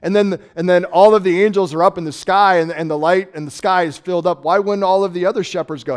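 A man preaching a sermon in a conversational, reflective way, slowing down to stress key words. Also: sits high, fairly even intonation, clean tone. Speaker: pastor.

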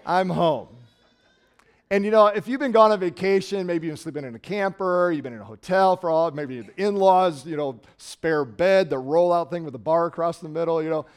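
A middle-aged man from Nebraska preaching a sermon in a conversational way, swinging from loud emphasis to quiet trailing words. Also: on the high side, brisk, few pauses, clean tone. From Nebraska, USA. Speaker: pastor.

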